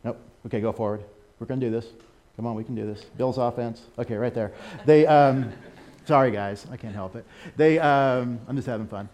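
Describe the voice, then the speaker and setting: An American man giving a sermon over a slideshow, animated, with laughing asides and excited exclamations. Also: mid-range voice, a little fast. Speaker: missionary speaker.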